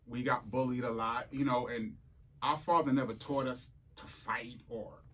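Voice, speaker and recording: A middle-aged man, a guest in a casual interview who tells stories in a lively way and acts out the voices in them. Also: mid-range voice, normal speed, husky. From New York City. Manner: animated, acts out quotes and voices in his stories.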